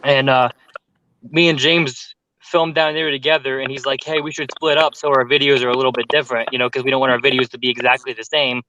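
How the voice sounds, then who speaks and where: A man telling a story with lots of fillers in casual chat on a group call, animated and talkative. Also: mid-range voice, fast, dull audio. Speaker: paranormal youtuber telling a story.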